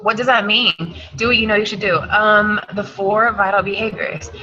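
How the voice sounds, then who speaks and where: A woman's voice: medium pitch, fairly even intonation, normal speed, pushed and bright, dull audio. A woman giving an emphatic, hyped motivational talk on a team call, repeating her points. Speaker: team coach.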